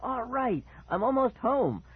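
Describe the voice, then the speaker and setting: Man voicing a scared young boy, high strained cries, husky, lively pitch, tinny lo-fi sound. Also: moderate pace, full character voice. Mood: excited. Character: frightened young boy, panicky and pleading. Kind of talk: audiobook character voice.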